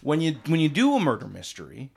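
A man's voice: fairly high pitch, huge pitch swings, quick pace, creaky, a little mellow, breathy edge, exaggerated voice. A man improvising a simple-minded husband who sells his homemade beer, telling his story in a rambling, defensive way and laughing as he goes. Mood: blustery. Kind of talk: improvised comedy interview.

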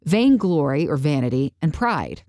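A woman's voice: low-pitched, sing-song, normal speed, warm tone, no echo, clean studio sound. A woman co-hosting a faith podcast, explaining church history in a chatty, easygoing way. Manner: chatty, explanatory, laughs easily. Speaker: podcast co-host. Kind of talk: casual faith podcast chat.

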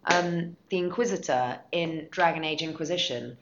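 A woman's voice: low-pitched, normal speed, background noise. A woman voice actress in a podcast interview, talking enthusiastically and repeating her words. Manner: enthusiastic, effusive, repeats herself. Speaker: guest voice actress. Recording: echoey room, dull lo-fi sound.

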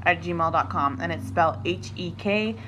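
A woman's voice: on the low side, normal speed, background noise. A young woman co-hosting a podcast in casual chat, swearing often and laughing through her words. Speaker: podcast co-host.

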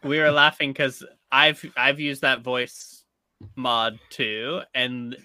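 A man co-hosting a gaming podcast, talking in a relaxed, joking way. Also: mid-range voice, slow pace, clear, resonant tone. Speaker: podcast co-host. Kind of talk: casual gaming chat.

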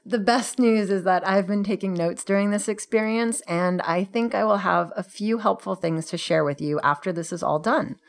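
A woman's voice: medium pitch, moderate pace, few pauses. A woman hosting a podcast in casual chat, playful and laughing often. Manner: giggly, playful. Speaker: podcast host.

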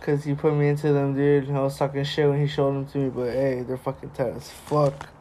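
A young man hosts a loose podcast with friends. He talks crudely and loudly, joking and swearing throughout. A faint hiss of noise sits under his voice. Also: medium pitch, completely flat delivery, fairly quick. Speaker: podcast host. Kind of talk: casual chat.

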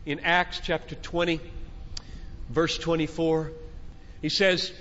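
A middle-aged man preaches from a stage in a fervent, exhorting way, driving points home through repetition. His voice sits high and he takes his time. The sound is dull and muffled, with a long reverb tail from a large hall. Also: flat delivery, slow, sharp tone, slight background noise. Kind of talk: sermon.

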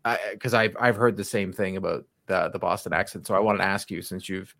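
Gravelly low-voiced man from Canada. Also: dry recording, studio quality. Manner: laughing, animated, halting restarts. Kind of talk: casual chat.

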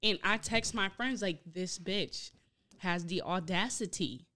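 A young woman telling a story in casual chat, animated and profane, acting out her own reactions. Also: medium pitch, unhurried. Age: young adult. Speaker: podcast host.

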